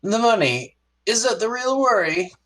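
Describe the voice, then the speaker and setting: A pirate captain voiced by a man who sits far higher than the narrator's usual voice. He speaks in earnest, emphatic pronouncements with a solemn, grateful edge. He comes across as a seasoned sea captain from a tabletop adventure. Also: sing-song, moderate pace, bright, forceful tone, heavily acted. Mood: probing.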